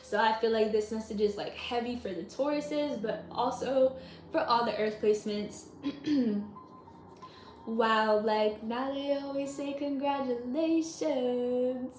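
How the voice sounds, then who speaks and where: A woman's voice: fairly high pitch, fairly even intonation, slow pace, darkish tone, faint music behind. A woman giving a casual spiritual reading to camera, chatty and rambling, with lots of "like" and "y'all". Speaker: tarot reader. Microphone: camera mic. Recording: echoey room, faint noise.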